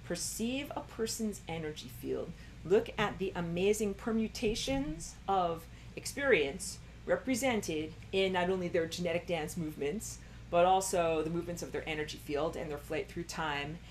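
A woman's voice: lowish voice, normal speed, slight background noise. A woman teaching a recorded online lecture, rambling with many fillers and jumping into a raised voice when she acts out quoted thoughts. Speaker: spiritual teacher.

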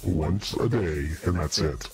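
A man's put-on demon voice, sunk extremely low and crawling along at a slow, menacing drawl. Faint music plays behind it. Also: expressive. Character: deep growling male demon.

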